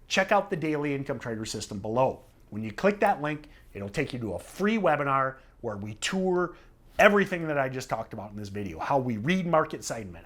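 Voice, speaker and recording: A man's voice: a little high, a bit bright. A middle-aged man giving a casual trading lesson, talking conversationally and often checking in with "okay?". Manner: conversational, repeats "okay?" for emphasis. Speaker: trading trainer. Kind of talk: casual instructional talk to camera.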